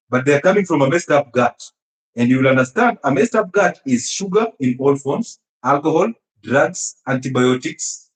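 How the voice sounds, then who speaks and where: Emphatic man in an echoey room. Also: on the high side. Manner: emphatic, laughs often, teasing rhetorical questions. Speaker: health speaker. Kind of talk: animated health talk.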